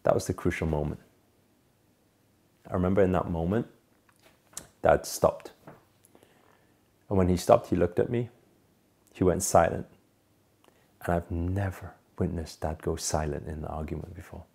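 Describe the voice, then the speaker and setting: A man telling a personal story as a monologue, earnest, rising to emphatic peaks and then dropping low and soft. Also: fairly even intonation, moderate pace, vocal fry, pauses often, husky.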